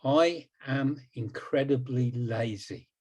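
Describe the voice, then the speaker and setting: A man's voice: mid-range voice, slow, a little mellow. A man in his sixties, a hypnotist guest in a conversational interview, talking emphatically and repeating words for stress.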